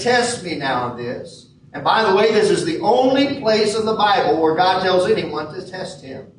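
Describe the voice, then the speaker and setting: A man preaching a sermon as pastor in a church sanctuary, measured and leaning hard on key words. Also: high-pitched, fairly bright tone, a little hiss or hum. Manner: measured preaching with emphatic stresses. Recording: echoey hall from far off.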